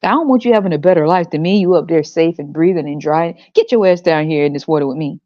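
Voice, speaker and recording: A woman mocking a bitter, broke parent who yells and swears at her child. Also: deep voice, quick pace, no echo, muffled recording, close to an everyday voice. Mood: bossy. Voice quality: mocking, profane, shouty.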